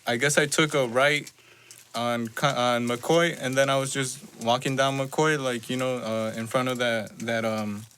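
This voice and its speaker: A young man, a podcast guest, slowly tells a rambling story, full of fillers and restarts. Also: medium pitch, fairly even intonation, fairly bright tone, slight background noise. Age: young adult. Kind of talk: casual chat.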